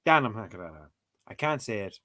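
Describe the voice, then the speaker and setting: A man's voice: lowish voice, lively intonation, moderate pace, sharp tone. A young Irish man vlogging casually in a playful, exasperated way, repeating words as he tries them out. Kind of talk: casual video chat.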